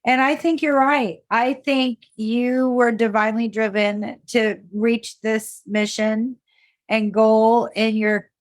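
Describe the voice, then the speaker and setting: A woman hosting an interview podcast, speaking in an emotional, warm-hearted way. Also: on the high side, fairly even intonation, slow, dry recording. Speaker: podcast host. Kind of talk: interview conversation.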